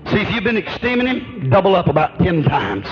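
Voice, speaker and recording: A man's voice: high voice, very animated, fairly quick. A man preaching a sermon with an emphatic, rhythmic preaching cadence. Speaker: pastor. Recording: dull lo-fi recording.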